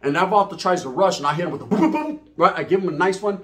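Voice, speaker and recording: Here a middle-aged channel host spins a crude street story for the camera, talking very fast in a high, fairly bright voice. Spanish slang peppers the casual monologue. "Right?" and "you know what I mean?" come up again and again.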